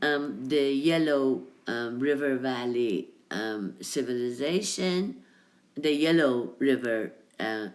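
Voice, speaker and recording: A male history lecturer giving a recorded lecture, hesitant, with many ums and "right?" checks as he talks over slides. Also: medium pitch. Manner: hesitant, full of ums and tag questions.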